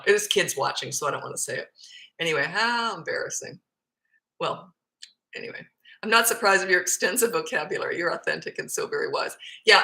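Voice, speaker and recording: A woman's voice: fairly low pitch, bright, forceful tone. Blunt, chatty Canadian woman in an echoey room. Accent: Canadian with some Australian. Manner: chatty, blunt and self-deprecating. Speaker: parenting coach. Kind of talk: casual live Q&A. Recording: roomy echoey phone recording.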